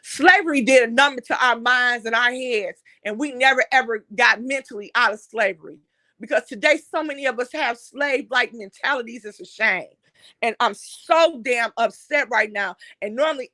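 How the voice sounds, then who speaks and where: A woman's voice: fairly high pitch, pushed and bright, dry recording. A woman hosts an impassioned monologue. She talks bluntly and heatedly and swears often. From Detroit, USA. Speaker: online talk show host.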